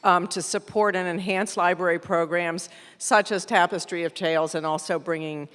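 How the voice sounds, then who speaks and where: A woman's voice: lowish voice, fairly even intonation, normal speed, fairly bright tone, clear, resonant tone. A woman library director asking a question at a public forum, speaking with hesitant fillers. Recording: echoey hall, live event.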